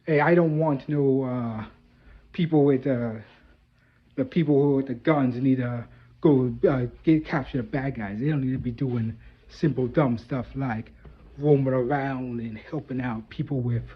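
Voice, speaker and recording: A man putting on a blunt, crass Texan guy. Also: mid-range voice. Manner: gruff, rambling, slangy. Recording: dull lo-fi audio.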